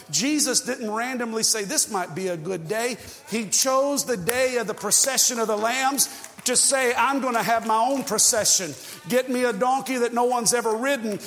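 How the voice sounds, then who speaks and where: A male pastor preaching a sermon with passion, swinging from shouted peaks to hushed, quiet passages. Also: very high voice, big-room sound.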